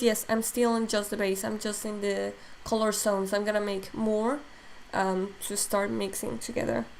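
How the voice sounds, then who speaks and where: A woman's voice: fairly high pitch, creaky, darkish tone, a little hiss or hum. A woman running a live sculpting tutorial stream, thinking aloud with many fillers and reading out chat comments, her voice strained and tiring. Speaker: digital sculpting instructor.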